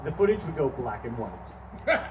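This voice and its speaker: A man's voice: medium pitch, very animated, normal speed. A male stand-up comedian performing a live set in a small venue, telling rambling, profane stories full of asides. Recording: distant mic with faint background noise.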